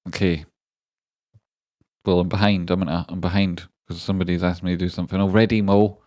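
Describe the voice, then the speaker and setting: Rambling man, low dry voice. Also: level tone, fairly quick, darkish tone, no room sound. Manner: rambling, joking, talks to viewers by name. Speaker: stock market streamer. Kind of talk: live-streamed chart analysis and chat reading.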